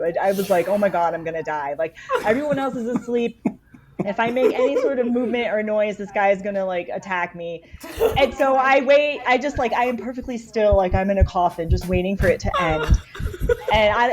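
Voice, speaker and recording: A woman with a fairly high voice recounts a travel story as a podcast guest. Her delivery is lively and chatty, full of "like" and quick asides. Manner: animated, fills speech with "like". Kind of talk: casual storytelling.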